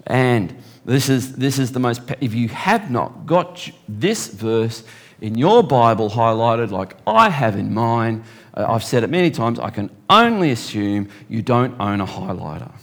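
A man preaching a sermon, reading scripture slowly and deliberately and slipping in joking asides. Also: medium pitch, animated.

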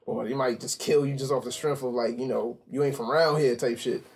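A man's voice: medium pitch, steady tone, a little fast. A man from Connecticut hosting a podcast, telling profane, joking stories in casual chat. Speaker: podcast host.

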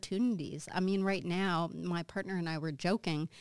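A woman's voice: on the low side, fairly even intonation, brisk, smooth, dry recording, studio quality. A woman, a confidence mentor, answering interview questions in an upbeat, encouraging way. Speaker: guest expert, confidence mentor.

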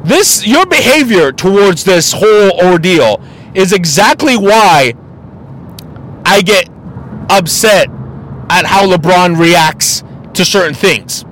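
A man's voice: high-pitched, animated, slow, pauses often, fairly bright tone, a little hiss or hum, rough recording. A man hosting a podcast, delivering a blunt, profane opinion monologue. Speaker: podcast host.

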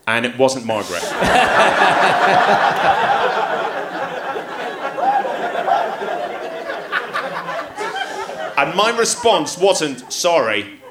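A man's voice: mid-range voice, measured pace, a loud crowd, heavy background noise. A man, a comedian guest, telling comic stories with lots of voices and laughter on stage. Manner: animated, acts out voices, laughs often. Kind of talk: comic storytelling. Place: theatre stage before a live audience. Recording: echoey live theatre.

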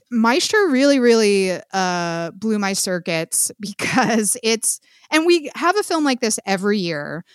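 A woman's voice: medium pitch, fairly bright tone, smooth, dry recording, clean studio sound. A young adult woman co-hosting a podcast, reviewing films in blunt, emphatic casual chat with swearing and repetition. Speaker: podcast co-host.

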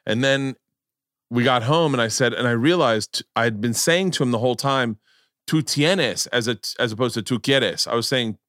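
A man's voice: mid-range voice, normal speed, a bit bright, no room sound, studio quality. A man hosting a podcast, telling rowdy stories in casual chat, swearing freely and laughing along. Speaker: podcast host.

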